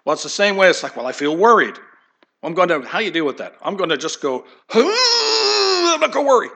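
Man, pastor, sermon, slightly high voice, bright and forceful, animated, folksy asides. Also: fast. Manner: animated, acts out quoted voices.

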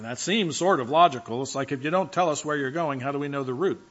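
A man's voice: mid-range voice, fast talker, hardly any pauses, a bit bright, highs cut off. A man preaching a sermon in a conversational, storytelling way, with frequent fillers. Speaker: pastor.

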